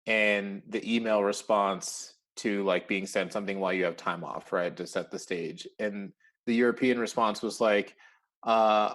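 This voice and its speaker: A man talking casually as an interview guest, lively, with lots of fillers and acted-out quotes. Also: on the low side, a little slow. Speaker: interview guest, recruiting firm founder.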